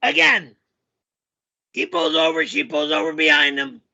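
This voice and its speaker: A man voicing a loud, crude storyteller character who yells all the time, in a raspy, strained voice. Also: a little high, sing-song, a little slow, highs cut off, voice pushed down, exaggerated voice. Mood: yelling. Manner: yelling, crude and rambling. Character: loud, always-yelling male storyteller character.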